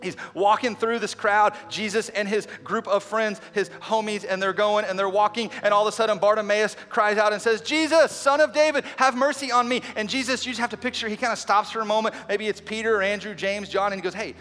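A man preaching an Easter sermon as a pastor, energetic and conversational, with quick asides and acted-out quotes. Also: high voice. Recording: long reverb in a large hall with faint music.

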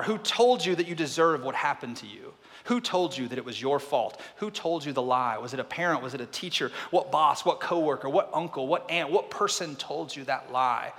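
Male pastor, mid-pitched, preaching with hushed-to-loud swings and repeated rhetorical questions, long hall reverb. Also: lively intonation, moderate pace. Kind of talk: sermon.

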